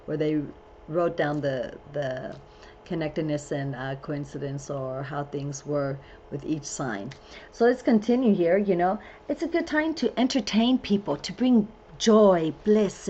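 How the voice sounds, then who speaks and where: A chatty woman astrologer with a fairly low voice talks through her program in loose, rambling phrases and often breaks into excited whoops. Faint ambient noise sits behind her voice. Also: a little slow, dull audio. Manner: talks in loose run-on phrases with many fillers. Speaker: astrologer hosting a full moon program. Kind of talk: casual spoken forecast.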